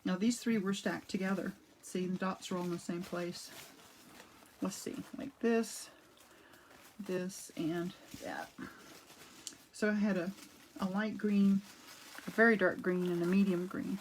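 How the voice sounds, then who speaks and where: A chatty woman walks viewers through her paper craft in a relaxed live demo, her pitch sitting in the middle of the range for women. She rambles a little, restarts her sentences and greets viewers by name as she works. She talks around a cough drop. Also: unhurried, pauses often, a little hiss or hum, poor audio. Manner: rambling, with frequent restarts and asides. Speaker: art demo host. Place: home art studio.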